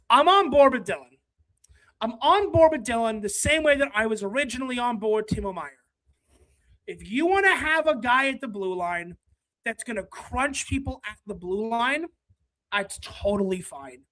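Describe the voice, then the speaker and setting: A livestream host ranting through casual hockey chat, exasperated, apologizing to viewers, then breaking into shouting. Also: medium pitch, lively intonation, rough recording. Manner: quick, run-on talk with apologies to viewers.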